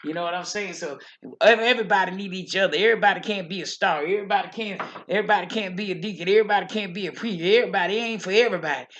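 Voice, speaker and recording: A woman's voice: medium pitch, rapid-fire, muffled recording, close to an everyday voice. A woman voicing a chatty older church lady who rambles, repeats herself and preaches about living right. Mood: folksy preaching. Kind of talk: character monologue.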